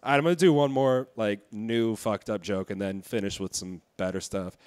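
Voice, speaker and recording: A young man in his twenties doing a stand-up set in a comedy club, delivering dark jokes in a deadpan way with halting fillers. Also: fairly low pitch, clear, resonant tone. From Indiana.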